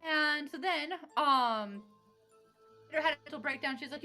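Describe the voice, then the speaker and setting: Young woman, high bright voice, bubbly recap of a tabletop session, faint music underneath. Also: normal speed. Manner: bubbly, laughing, acting out bits of dialogue. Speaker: player recapping a tabletop campaign. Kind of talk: casual recap chat.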